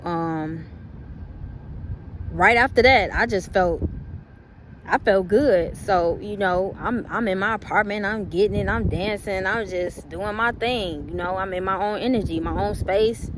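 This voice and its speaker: A young adult woman casually telling a personal story to her viewers, acting out her own past reactions in a conversational, drawn-out way. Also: mid-range voice, slight background noise. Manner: conversational, drawn-out speech with fillers. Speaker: vlogger.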